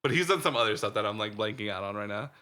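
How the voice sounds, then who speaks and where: A man's voice: on the low side, expressive, racing, sharp tone. A man co-hosting a podcast, chatting casually about a film in a rambling way with lots of fillers. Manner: rambling, heavy on fillers like "like" and "dude". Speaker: podcast co-host. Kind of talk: casual movie-review chat.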